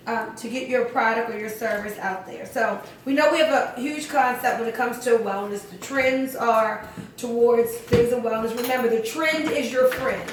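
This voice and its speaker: High-voiced woman coaching a home meeting. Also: noisy background. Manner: upbeat, coaxing, asks the group questions. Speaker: presenter at a home sales meeting. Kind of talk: motivational sales coaching. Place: living room at a home meeting. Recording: echoey room, voice from far off.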